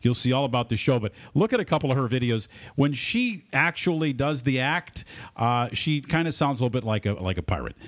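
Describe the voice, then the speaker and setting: Man, radio co-host, casual banter, animated pitch, dry close mic. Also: brisk, no echo. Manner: chatty, laughs easily, many fillers.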